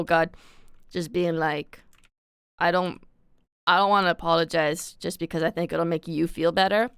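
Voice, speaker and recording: A woman's voice: lowish voice, vocal fry, clean tone, dry recording. A young adult woman live streaming, chatting candidly and confessionally to her viewers in slangy, casual talk on a close desk mic. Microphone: desk mic close to the mouth.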